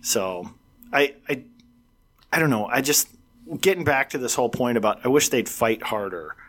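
A man's voice: medium pitch, expressive, moderate pace, fairly bright tone. A man co-hosting a casual political talk show, retelling comedians' bits and acting out the quotes with a laugh.

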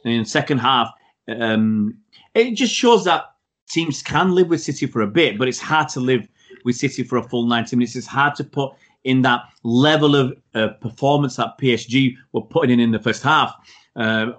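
Man, podcast co-host, emphatic, opinionated football talk, mid-pitched voice. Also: normal speed, fairly bright tone. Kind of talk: casual football chat.

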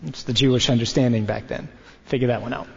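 A priest teaching in a conversational sermon, animated and wry, tossing out rhetorical questions. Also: male voice, mid-range voice, fast, gravelly. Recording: dull recording in a reverberant hall.

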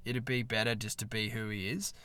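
A man's voice: lowish voice, little pitch movement, a little fast, sharp tone, clean tone, no echo. A man co-hosting a podcast, talking in a hesitant, rambling, profane way. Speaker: podcast co-host. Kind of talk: casual chat.

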